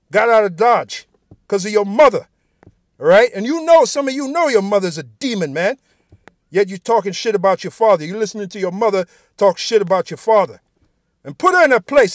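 An extremely high-pitched man delivers an informal sermon as a preacher, reading scripture aloud and talking bluntly and profanely, often ending sentences with "man." The recording is clean studio sound with no echo.

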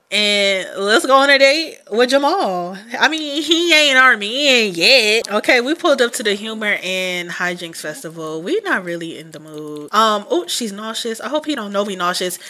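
A woman chats her way through a life-sim game, sassy and full of slang. Her voice is bright and sharp, and her pitch bounces around a lot as she reacts. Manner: sassy, slangy running chatter. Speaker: Sims let's player. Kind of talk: casual game commentary.

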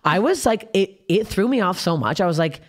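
A woman in her thirties, a stand-up comedian co-hosting a podcast, telling stories in a fast, profane, animated way. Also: medium pitch. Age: 30s. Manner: fast, profane, animated retelling with acted quotes. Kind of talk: casual chat, storytelling.

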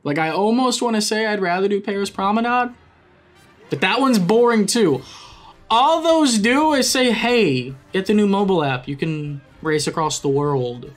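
A young man giving excitable, profane live commentary while racing in a kart game, often yelling at it. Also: high-pitched, normal speed. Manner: excitable, swears a lot, yells at the game. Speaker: gaming YouTuber.

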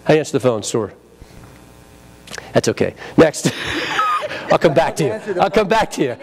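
Lively man leading a sales seminar. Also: fairly high pitch, normal speed, husky. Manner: energetic, acts out phone greetings, leads audience call-and-response. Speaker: sales trainer presenting a seminar. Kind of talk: live training seminar. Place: convention seminar room.

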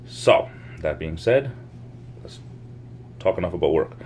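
Deep-voiced man rambling into a vlog. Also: animated, unhurried, a little mellow, slight background noise. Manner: meandering, repeats phrases, coins words. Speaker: YouTube vlogger. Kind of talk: casual rambling monologue to camera. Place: home, near the laundry.

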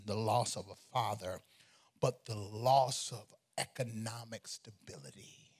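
A man, a pastor, preaching a sermon in an animated, conversational way with humor and repeated phrases. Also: medium pitch.

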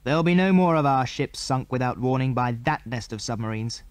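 A man's voice: medium pitch, expressive, fairly quick, no room sound, lightly acted. A man voicing a grave, kindly father speaking to his children in an audiobook.

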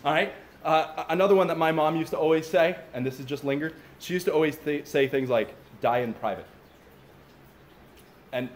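With a fairly high pitch, a pastor gives a relaxed, conversational sermon at a father-son camp gathering, talking right to his listeners and adding asides. The recording has room echo, faint ambience, and a little hiss or hum.

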